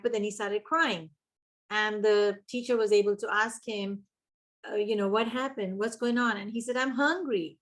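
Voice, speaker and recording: An older woman coaching teachers in a webinar, engaging her audience with questions and repeating key words for emphasis. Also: medium pitch. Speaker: early childhood education coach. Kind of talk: webinar presentation.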